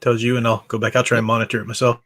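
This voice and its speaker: A man's voice: mid-range voice, little pitch movement, rapid-fire, a bit bright. A man hosting a casual movie-rewatch livestream, rambling with many restarts over a computer mic. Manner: rambling, with frequent fillers and restarts.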